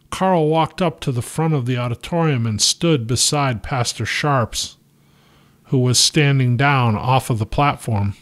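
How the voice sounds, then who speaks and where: A man reads his novel aloud as audiobook narration. His voice sits at a middling pitch, and he moves through the story slowly and plainly. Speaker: author reading his own novel.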